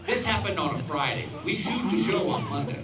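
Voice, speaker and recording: Fifty-something comedian in an echoey stadium. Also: male voice, a little high, animated, a little fast. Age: 50s. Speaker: stand-up comedian. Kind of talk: stand-up storytelling. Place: outdoor stadium stage. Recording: roomy, distant audience recording with crowd noise.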